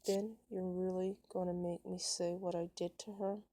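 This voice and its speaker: A woman voicing a sullen, quick-tempered young male killer in an amateur fan story reading, with loud, strained outbursts. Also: on the low side, flat delivery, no echo, natural voice.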